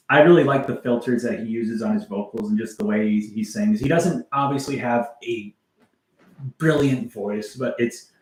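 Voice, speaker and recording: A man rambles loosely through a casual livestream, wandering from thought to thought and swearing offhandedly as he answers his chat. His voice sits at an ordinary middle pitch. The sound bounces around an echoey room. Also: darkish tone. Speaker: music livestreamer.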